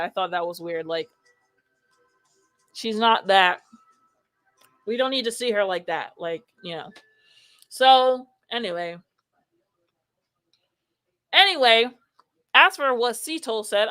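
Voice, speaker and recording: A woman's voice: mid-range voice, pushed and bright, no room sound. A woman hosting a casual live show, reading viewer comments aloud and chatting loosely with many fillers. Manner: chatty, lots of fillers like "like" and "you know". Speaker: host.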